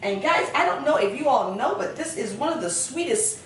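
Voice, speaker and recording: A middle-aged woman with a Southern accent talks through a recipe in her home kitchen, high-voiced and lively, swooping up and down as she chats. She sounds homey and full of sayings. The voice is caught from a little off-mic in a roomy kitchen. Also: fairly quick, distant mic, a little hiss or hum. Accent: Southern American. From Southern United States. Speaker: cooking channel host. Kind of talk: casual home cooking video.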